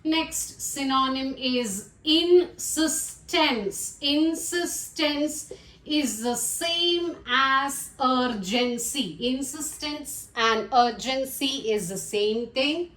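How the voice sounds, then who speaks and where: A woman teaching English vocabulary, listing words one by one in a slow, deliberate way. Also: high voice, a bit bright. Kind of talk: vocabulary lesson. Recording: echoey room.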